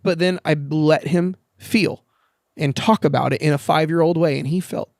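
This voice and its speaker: Podcast guest, male, casual and swearing, acts out the voices in his anecdotes, slightly higher voice. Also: normal speed, gravelly, darkish tone, no room sound, clean studio sound. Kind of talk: casual chat. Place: outdoor backyard.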